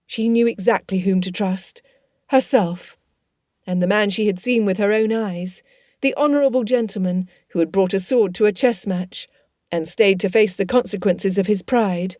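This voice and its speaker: A woman's voice: mid-range voice, moderate pace, mellow, dry recording. Woman narrating an audiobook, dry.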